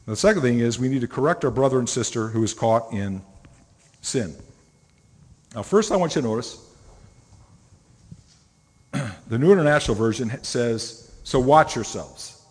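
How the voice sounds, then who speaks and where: A middle-aged pastor preaches in a conversational, storytelling manner, leaning hard on single words. His voice is slightly husky, and it rings with the long reverb of a church sanctuary. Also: medium pitch, lively intonation, normal speed, long pauses. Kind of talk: sermon.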